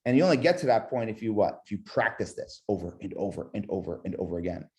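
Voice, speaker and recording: Mellow-voiced sales coach teaching tonality. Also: male voice, lowish voice, quick pace. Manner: lively, demonstrates vocal tonality, asks audience questions. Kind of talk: webinar instruction with demo calls.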